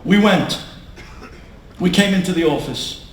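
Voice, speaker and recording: A young adult man, a rabbi giving an inspirational talk, telling his story dramatically and swinging from hushed tones to shouts. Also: high-pitched, a little slow. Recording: echoey hall with faint room noise.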